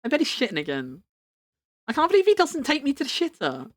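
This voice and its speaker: A woman's voice: high voice, huge pitch swings, quick pace. A young woman chatting casually on her live stream, rambling and laughing often.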